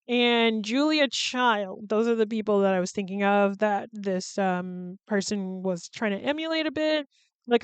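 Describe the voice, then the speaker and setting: Chatty woman with a smooth, crisp voice. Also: on the high side, no room sound. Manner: candid and chatty, swears freely and laughs mid-sentence. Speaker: podcast host. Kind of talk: casual chat.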